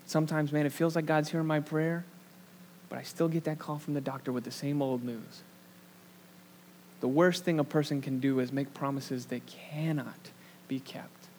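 A young man delivering a sermon, his pitch sitting a little high. He talks casually and pokes fun at himself, with plenty of ums and likes. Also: fairly even intonation, normal speed, a little mellow, a little hiss or hum. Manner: casual, self-deprecating storyteller with many fillers. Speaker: pastor. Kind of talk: sermon with a personal anecdote.

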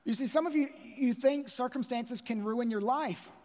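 Male pastor, very high voice, emphatic sermon, long hall reverb. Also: normal speed, a little mellow. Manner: emphatic, repeats phrases for effect.

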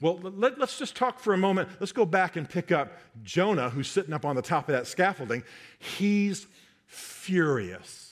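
A man's voice: sits high, expressive, normal speed. A man preaching a sermon, emphatic, often repeating key phrases for effect. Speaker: pastor.

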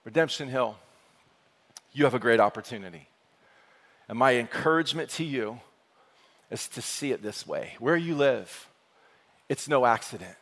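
A man preaching a sermon with energetic call-and-response delivery. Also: mid-range voice, moderate pace, long pauses. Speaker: pastor. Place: church sanctuary. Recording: long hall reverb.

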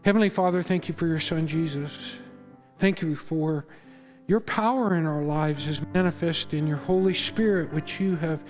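A man's voice: moderate pace, soft background music. Earnest preaching man in echoing hall. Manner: earnest, swings from loud emphasis to hushed low tones. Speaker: pastor. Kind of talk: sermon. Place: church sanctuary.

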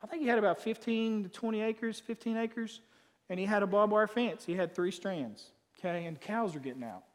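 A man preaching a sermon as pastor, emphatic, swinging between loud declarations and quiet asides. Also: high voice, a little fast, long reverb tail.

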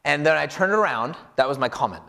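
A man's voice: a little high, lively intonation, a little fast, creaky, pushed and bright. A man casually telling a self-deprecating personal story, rambling, with many filler words. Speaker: podcast co-host reflecting on scripture.

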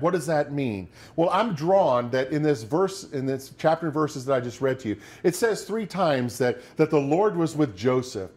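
A man's voice: fairly high pitch, darkish tone. A middle-aged man preaching a sermon as pastor, talking conversationally and acting out quoted lines of despair.

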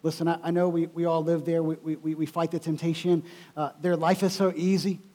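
A male pastor with a high-pitched voice preaches in church. He is emphatic and repeats key phrases for weight. He swings from loud to quiet as he drives his points home. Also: flat delivery, a little fast. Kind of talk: sermon.

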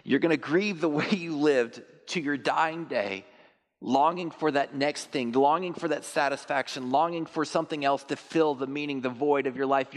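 A male pastor preaching a sermon to his church, animated, sometimes mimicking churchgoers in high put-on voices. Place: church sanctuary. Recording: long reverb of a large hall.

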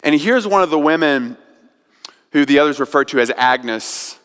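A man's voice: animated, clean tone. Male pastor preaching in a reverberant hall. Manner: storytelling, builds from soft and slow to loud and high. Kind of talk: sermon. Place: church sanctuary. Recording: long church hall reverb.

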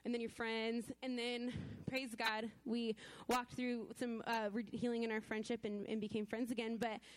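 A woman's voice: on the high side, little pitch movement, normal speed, no echo. A woman in her twenties speaking at church, sharing a personal testimony in a casual, emotional way, full of "like" fillers and nervous laughs.

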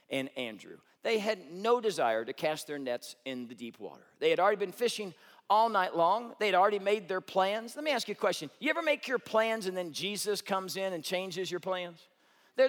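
A middle-aged man preaching a sermon as a pastor, telling the story with humor and swinging between loud, animated stretches and hushed ones. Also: sits high, big-room sound.

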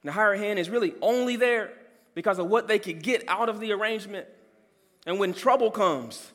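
A man preaching with a high voice, pressing his points hard as he swings between ringing cries and hushed, intimate lines. His sermon carries through a large hall, trailing a long echo behind every phrase. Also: brisk. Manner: emphatic preacher, swings from loud to soft. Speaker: pastor.

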